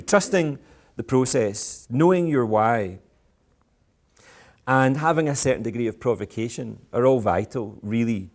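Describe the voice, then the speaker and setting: A man's voice: medium pitch, darkish tone. A Scottish man giving a talk to school parents in a playful, provocative, self-mocking way. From Scotland. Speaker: education speaker. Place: school event with live audience.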